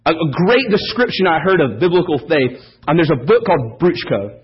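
Man, pastor, sermon, high lively voice, husky, dull lo-fi church recording. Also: a little fast. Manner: animated, joking storyteller. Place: church service.

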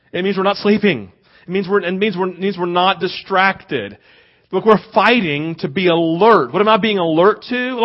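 A man preaching a sermon, reading scripture and then acting out little scenes to press his points, swinging from loud emphasis to near-murmured asides. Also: high voice. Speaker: pastor. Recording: dull lo-fi sound.

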